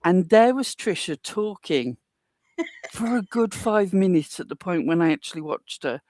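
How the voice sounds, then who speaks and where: A woman's voice: lowish voice, expressive, normal speed, a little mellow, no room sound. A woman co-hosting a casual chat, dry and joking with mock outrage, laughing often. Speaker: co-host.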